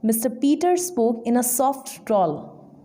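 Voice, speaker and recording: A woman, an English trainer, slowly explaining vocabulary words one by one in a lesson. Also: on the high side, expressive, dark tone. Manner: slow, deliberate word-by-word explanation.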